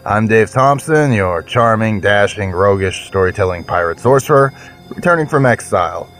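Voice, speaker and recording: A man's voice: fairly low pitch, expressive, moderate pace, fairly bright tone, soft background music. A man hosting a fiction podcast, with a playful, theatrical manner and mock-grand fantasy banter. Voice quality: theatrical, jokey, mock-grand self-introduction. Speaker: podcast host.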